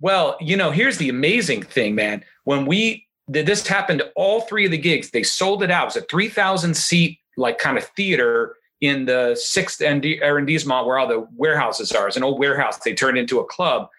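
A man's voice: on the high side, normal speed, hardly any pauses. A middle-aged man telling a story in casual chat, acting out the voices of the people he quotes. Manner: animated, acts out quoted voices.

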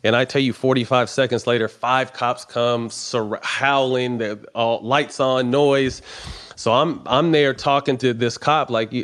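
A man's voice: mid-range voice, steady tone, measured pace, a bit bright. Male athlete, casual storytelling, profane, plays out the exchanges in his story. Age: adult. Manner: profane, quotes both sides of conversations. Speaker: professional basketball player.

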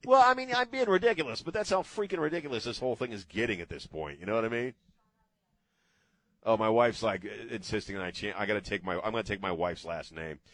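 A man's voice: fairly low pitch, animated, quick pace, no echo. A man hosting a talk radio show, talking in a sarcastic, mocking way into a studio microphone.

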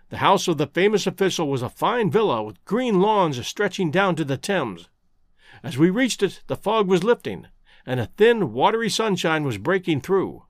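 Male narrator, expressive storytelling, higher voice, lively pitch. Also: normal speed, no echo, studio quality. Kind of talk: scripted narration.

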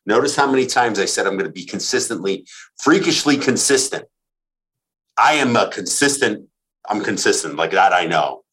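Emphatic motivational man, swinging pitch. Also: a bit bright. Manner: emphatic, repetitive, profane. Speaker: podcast guest. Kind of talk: motivational casual talk.

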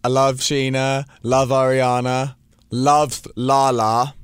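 A man's voice: medium pitch, flat delivery, slow pace, clean tone, dry recording. Young man, London English accent, cheeky, swears a lot, joking, dry close sound. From England. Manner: cheeky, swears freely, jokes around. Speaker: guest. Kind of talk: casual chat.

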